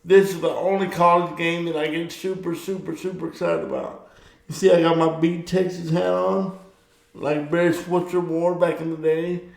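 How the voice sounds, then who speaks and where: A middle-aged man hosts his own casual monologue, rambling from one thing to the next and getting heated about sports. His voice has a gravelly edge and sits a little high for a man. The sound carries a noticeable room echo. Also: level tone, normal speed. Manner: chatty, rambling, gets worked up about sports. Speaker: vlog host.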